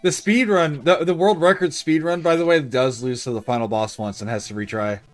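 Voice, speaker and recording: A young man with a fairly high voice, fairly even intonation and a fairly quick pace chats casually on a livestream while playing a retro game. He reads bits of the game text aloud.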